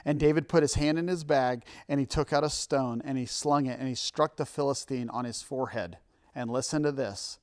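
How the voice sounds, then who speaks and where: A man's voice: mid-range voice, a little fast, a little mellow. A man pastor giving a sermon, reading scripture emphatically and adding joking asides. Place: church, filmed for a livestream.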